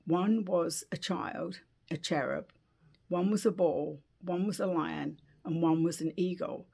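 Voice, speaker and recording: A British woman giving a gentle, unhurried spiritual oracle card reading at home, with frequent fillers and restarts. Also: lowish voice, gravelly, slightly rough. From Britain.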